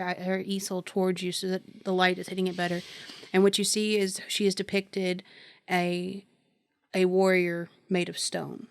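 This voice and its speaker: A woman game master narrates a tabletop horror scene with a gravelly, creaky texture. She describes each detail slowly, often pausing on filler ums. The sound is dry and close. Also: on the low side, little pitch movement, dry recording.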